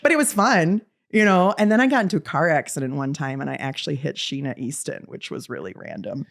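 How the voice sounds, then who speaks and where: A lower-pitched woman in her forties from Wisconsin, chatting as a podcast guest. She tells her stories briskly and laughs often, jumping her voice up high to act out what other people said. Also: vocal fry. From Wisconsin, US Midwest. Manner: lively, laughing, acts out quotes in raised voice. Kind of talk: casual storytelling.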